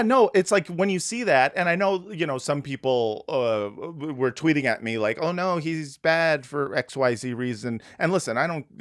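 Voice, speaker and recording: A man's voice: mid-range voice, no echo, studio quality. A man hosting a casual political podcast, speaking bluntly, swearing often and rambling with fillers and restarts. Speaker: podcast host.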